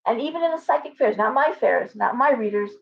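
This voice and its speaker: Animated woman hosting a tarot livestream. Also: a little high, a little fast, creaky, a little hiss or hum. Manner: animated, talks with lots of restarts and asides to viewers. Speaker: tarot reader and livestream host. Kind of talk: casual livestream chat. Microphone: webcam with ring light. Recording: slightly dull lo-fi stream audio.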